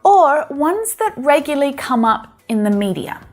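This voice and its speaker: A woman's voice: high voice, big pitch swings, moderate pace, darkish tone. An Australian woman with an Australian accent, giving a friendly English lesson on YouTube and laughing now and then. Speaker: English teacher.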